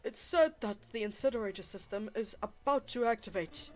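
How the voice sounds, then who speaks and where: A woman voicing a smug, cruel older man who speaks with slow, polite menace. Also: medium pitch, a little mellow, natural voice. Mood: taunting.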